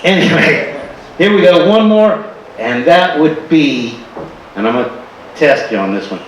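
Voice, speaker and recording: Animated man telling comic stories. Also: on the high side, measured pace. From Florida. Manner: animated, exaggerated, playful. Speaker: performer. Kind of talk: stand-up storytelling. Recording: echoey hall from far off with faint noise.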